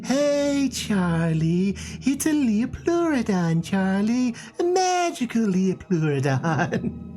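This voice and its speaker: Unicorn: a man doing a squeaky cartoon unicorn. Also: very animated, slow, a little mellow, slight background noise, exaggerated voice. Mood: teasing. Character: giddy high-voiced male cartoon unicorn. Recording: guitar music behind the voice.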